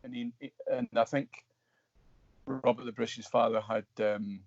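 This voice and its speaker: A Scottish actor, a guest in an interview, tells long, rambling stories with many restarts and animated retellings. His voice is mid-range and a little slow with vocal fry, on a dull, dry, lo-fi recording with no echo.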